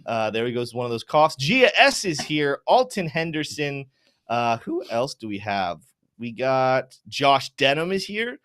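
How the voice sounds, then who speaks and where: A young adult man hosting a live crypto market stream, reading out chat names with upbeat, energetic shout-outs before moving to chart talk. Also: medium pitch, unhurried, clean tone.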